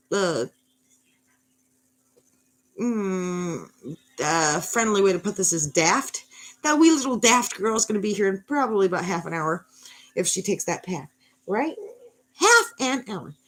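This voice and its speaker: Brief: a scheming wolf grumbling to himself, played by a woman, a little raised in pitch, restless. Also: a bit bright. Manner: fretful, muttering to himself. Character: hungry, scheming male wolf with a bellyache.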